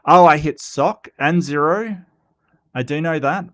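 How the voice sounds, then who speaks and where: Man hosting, rough from a cold. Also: fairly high pitch, a little slow, fairly bright tone. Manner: rambling, joking, repeats himself and stumbles. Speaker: host of a commentary channel. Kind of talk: casual livestream commentary.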